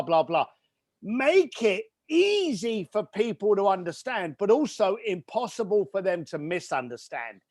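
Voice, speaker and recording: Brief: British male guest, middle-aged, bursting with enthusiasm, high and sing-song delivery. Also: no echo, clean studio sound. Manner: enthusiastic, emphatic, quirky. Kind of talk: conversational business advice.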